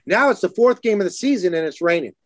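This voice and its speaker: Animated high-voiced man telling stories. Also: fast, no echo, studio quality. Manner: animated, acts out quotes in lively higher voices. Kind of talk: casual storytelling chat.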